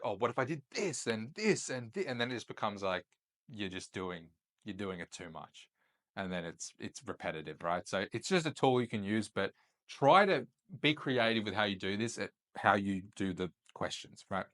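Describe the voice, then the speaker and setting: A young man explains his tips in a loose, casual teaching style, often tacking "right?" onto his points. His voice sits at an ordinary middle pitch. He sounds like a host talking straight to his viewers. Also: a bit bright. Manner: loose and chatty, checks in with "right?" after points. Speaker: host and chat-sales coach. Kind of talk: casual instructional talk to camera.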